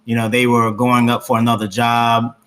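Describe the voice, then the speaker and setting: A man guest in a casual discussion, speaking hesitantly with frequent pauses. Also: medium pitch, monotone, fairly bright tone, low-quality recording. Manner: hesitant, many "uh" fillers and restarts.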